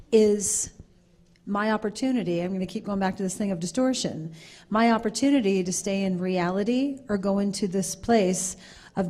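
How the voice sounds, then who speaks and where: A woman's voice: medium pitch, a little mellow. A woman speaking on a conference panel, earnest and repetitive, acting out little quoted exchanges as she explains.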